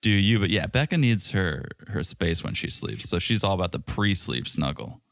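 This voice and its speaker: A man's voice: low-pitched, lively intonation, moderate pace, vocal fry, dry recording. A man co-hosting a reality-TV podcast, chatting casually with dry, teasing humor. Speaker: podcast co-host. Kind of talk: casual chat.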